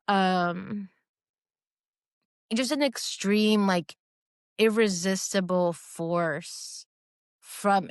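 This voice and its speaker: A woman's voice: mid-range voice, smooth, no echo, studio quality. A woman telling a personal testimony in a hesitant, emotional way, with many fillers and restarts. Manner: emotional, earnest. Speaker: guest sharing a personal faith testimony. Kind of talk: casual personal storytelling.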